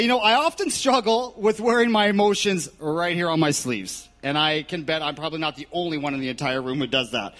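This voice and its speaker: A man preaching a sermon, telling stories with lively shouted asides and jokes. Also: high-pitched.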